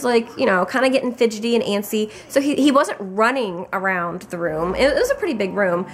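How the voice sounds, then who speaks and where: A woman's voice: a little high, expressive, brisk, few pauses. A young woman telling a pregnancy story to the camera in a loose, chatty way, full of fillers and acted-out quotes. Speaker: pregnant mother vlogging her pregnancy. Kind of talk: casual chat.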